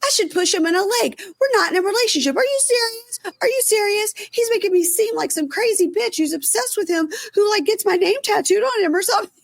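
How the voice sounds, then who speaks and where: A woman mimicking an overwrought young woman who rants in a shrill, tearful, indignant voice. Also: animated, brisk, creaky, few pauses, no room sound, heavily acted. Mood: hysterical rant.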